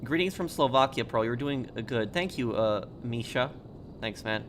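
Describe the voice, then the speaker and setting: A man's voice: medium pitch, a little hiss or hum. Male game streamer, laid-back and a bit tired, chatting with chat, game sounds audible under him. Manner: relaxed, halting, chatty. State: a little tired. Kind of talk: live stream chat, answering viewers.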